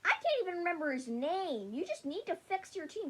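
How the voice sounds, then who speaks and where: Super high voiced woman ranting casually about sports, lively up and down, blunt, keeps tripping over her words. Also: fairly quick. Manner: blunt and rambling, stumbles and restarts often. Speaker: sports vlogger. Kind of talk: casual sports opinion rant.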